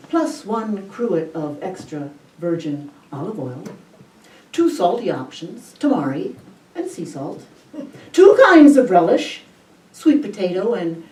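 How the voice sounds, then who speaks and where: A woman telling a personal story on stage in a wry, deliberate way, savoring each detail. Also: mid-range voice, darkish tone, far from the mic. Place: stage at a live storytelling event. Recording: roomy hall, voice from the mic.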